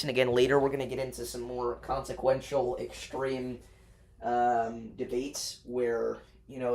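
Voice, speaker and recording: A young man hosting a livestream, talking loosely with his chat and arguing his opinions with plenty of fillers. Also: mid-range voice. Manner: loose and chatty, many fillers, argues weather takes. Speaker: livestream host. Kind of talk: casual livestream chat with viewers.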